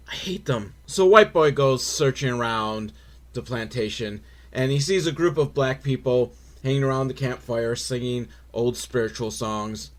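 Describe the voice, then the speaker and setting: A man's voice: medium pitch, measured pace, a bit bright. A man in his forties giving a sarcastic, profane, rambling commentary on an old film. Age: 40s. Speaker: film reviewer.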